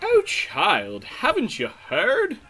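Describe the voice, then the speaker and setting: A man voicing a loud, gossipy middle-aged townswoman in a game, in a put-on accent that wavers between styles. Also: very high voice, huge pitch swings, creaky, pitched above the performer's own voice, heavily acted. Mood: shocked. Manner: unsure mixed accent, drawn-out. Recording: faint music underneath.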